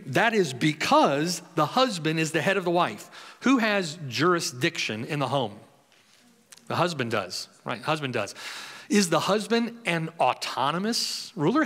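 A man's voice: a little high, fairly bright tone. A pastor giving a conversational sermon, reading scripture and putting questions to his congregation. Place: church hall. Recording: long hall reverb.

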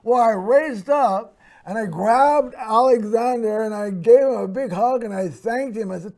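A man's voice: sits high, moderate pace, a little mellow. A man hosting a show, telling a personal story in a rambling way, full of fillers and restarts. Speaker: host.

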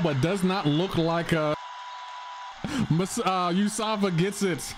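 Male streamer, casual live-stream chat, rambly and repetitive, a little higher than average. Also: takes it slowly, long pauses. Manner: rambling, repeats himself, answers chat aloud.

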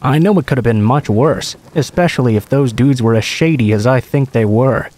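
A man narrating a true horror story in a calm, conversational storytelling manner. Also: mid-range voice, moderate pace, dry recording. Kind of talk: scripted narration.

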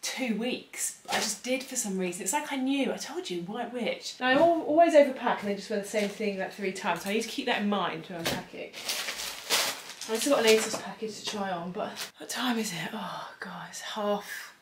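A woman's voice: mid-range voice, a little fast. A young woman in her twenties, talking in a rambling, confiding way as she vlogs her day. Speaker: lifestyle vlogger. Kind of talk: chatty vlog narration. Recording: echoey room, faint noise.

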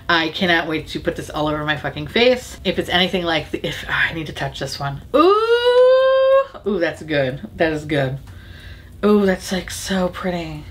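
A woman's voice: on the low side, fairly bright tone. A woman vlogger chatting casually about makeup to the camera, gushing, giggly and swearing freely. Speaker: beauty vlogger. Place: home in Florida.

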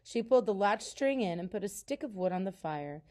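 Calm woman reading a storybook aloud. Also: medium pitch, a little fast. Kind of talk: reading a children's novel aloud.

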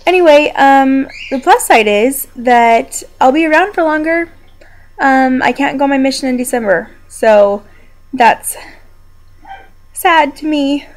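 A young woman talking casually to her viewers from home while injured and in pain, rambling but upbeat. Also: sits high. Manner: chatty, rambling, quietly upbeat despite pain. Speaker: video blogger. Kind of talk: casual personal vlog. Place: downstairs room at home.

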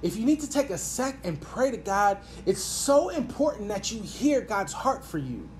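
A woman's voice: medium pitch, big pitch swings, moderate pace, a little mellow, slight background noise. A woman pastor preaching a sermon and praying aloud, earnest and repeating phrases for emphasis. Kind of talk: sermon with prayer. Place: church. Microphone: reading from an iPad.

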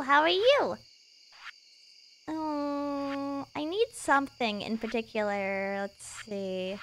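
A young woman streaming a video game live, rambling and joking at herself, swinging from mumbled asides to loud excited bursts. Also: high voice, takes it slowly, a little hiss or hum. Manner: rambling, self-mocking, jumps between mumbling and loud excitement. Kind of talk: live gameplay stream chatter.

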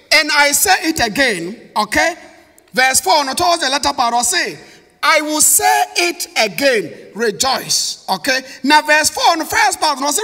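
A man's voice: very high-pitched, bright, forceful tone. A Ghanaian man, a pastor whose first language is Twi, preaching a sermon that switches between English and Twi, repeating key words and calling out to the congregation. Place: church hall. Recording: long reverb of a church hall.

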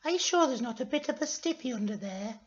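A man voicing a nosy, cheeky young girl with a high, crudely teasing manner, on a dull lo-fi recording. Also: animated, fast, husky, heavily acted.

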